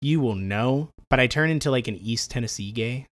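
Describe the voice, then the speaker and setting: A man's voice: medium pitch, brisk. A man co-hosting a podcast in casual chat, laughing often and swearing freely as he rambles along. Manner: animated, rambling. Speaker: podcast co-host.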